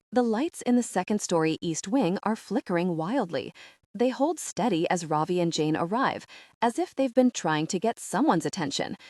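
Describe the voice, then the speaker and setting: A woman narrating an audiobook with expressive storytelling. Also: on the low side, no room sound, clean studio sound. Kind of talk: scripted narration.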